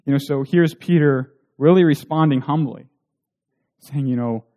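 A man's voice: mid-range voice, moderate pace, warm tone. A man preaching a sermon in an earnest way, asking rhetorical questions.

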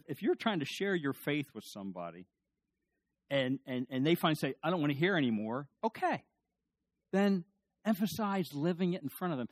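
A man preaching a sermon in a folksy, animated way, telling stories with quick asides and jokes. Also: a little high, no room sound. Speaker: pastor.

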